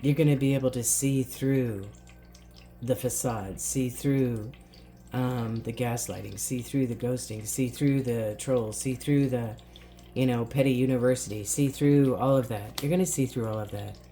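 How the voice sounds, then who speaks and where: A woman's voice: very deep voice, moderate pace, warm tone. A woman giving an encouraging spoken card reading, talking straight to her viewers and often checking in with "all right?". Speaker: spiritual card reader.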